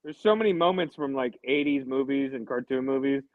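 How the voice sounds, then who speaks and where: A man's voice: medium pitch, fairly quick, dry recording. Man on a dull dry call line. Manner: storytelling, nostalgic, easygoing. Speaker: co-host. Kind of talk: casual livestream chat.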